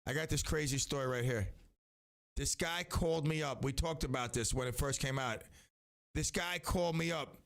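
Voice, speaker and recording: A middle-aged man hosting a local radio show in casual chat, rambling and self-interrupting, now and then breaking into loud singing. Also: on the high side, normal speed.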